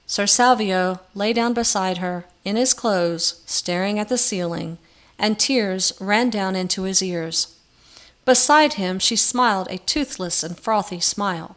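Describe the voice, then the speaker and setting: A woman narrating a storybook in an expressive, measured way. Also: mid-range voice. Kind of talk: storybook reading.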